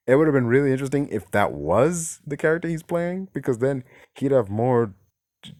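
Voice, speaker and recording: A low-voiced man rambles through a casual film review. He sounds exasperated, circling back on his points and swearing freely as he goes. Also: darkish tone.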